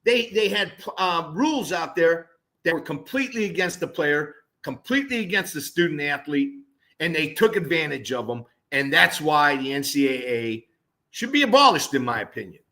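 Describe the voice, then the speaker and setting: Emphatic, bright-voiced former player as guest. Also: male voice, fairly high pitch, very animated, moderate pace. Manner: emphatic, blunt, repeats words. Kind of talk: casual sports talk.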